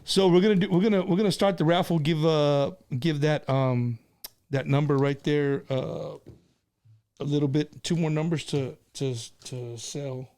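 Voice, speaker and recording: A man's voice: fairly high pitch, fairly even intonation, normal speed, a little mellow. A middle-aged man hosting a casual live stream, chatting and telling stories in an easygoing way, with plenty of "you know" and "man".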